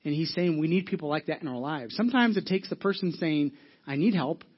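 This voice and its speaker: Male pastor, fast and husky, conversational sermon with audience check-ins, dull lo-fi audio. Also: fairly high pitch, lively intonation. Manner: conversational, asks the audience questions, many restarts. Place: church hall with audience.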